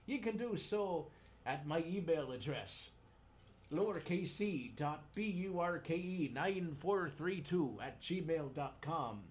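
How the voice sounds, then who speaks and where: A man's voice: fairly high pitch, expressive, slow. A man hosting a live community radio show, chatting casually and joking in playful pirate lingo from a station studio. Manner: jokey, chuckles at his own puns, slips into pirate lingo.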